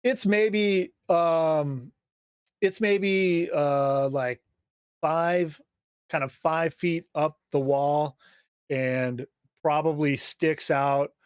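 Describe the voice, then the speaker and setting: A man's voice: a little high, steady tone, very slow, clear, resonant tone, no room sound, clean studio sound. A man narrating a tabletop game as game master, hesitant and full of fillers and restarts.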